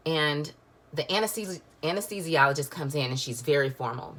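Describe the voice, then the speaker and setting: A woman's voice: deep voice, animated, fairly quick, a bit bright. A woman, telling a personal story in a chatty, emotional way full of fillers. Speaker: vlogger.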